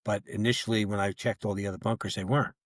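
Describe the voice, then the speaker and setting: An older man, a retired federal agent, speaks fast with a low, steady voice in a dry, studio-quality podcast recording. He tells a long story in casual talk, acting out both sides of old conversations.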